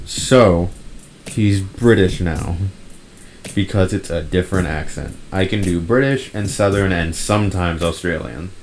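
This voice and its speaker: Low-voiced man reading a visual novel. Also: measured pace, a little mellow, slight background noise, rough recording. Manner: wry joking asides. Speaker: visual novel narrator and player.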